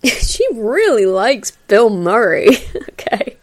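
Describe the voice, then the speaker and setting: A woman's voice: medium pitch, sing-song, slow pace. A woman hosting a casual film commentary, chatting in a meandering way with lots of fillers and little laughs. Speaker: podcast host doing a film commentary. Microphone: new podcast mic.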